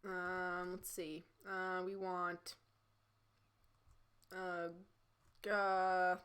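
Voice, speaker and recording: A woman's voice: fairly low pitch, monotone, drawn-out words, a bit bright, smooth. A young woman streaming, reading fanfiction aloud and breaking off into chatty, laughing asides. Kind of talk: casual live-stream reading and commentary.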